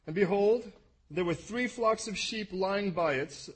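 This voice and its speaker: A male preacher reading scripture aloud to a congregation in an animated way, adding asides and correcting himself as he goes. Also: sits high, a little slow, husky, poor audio.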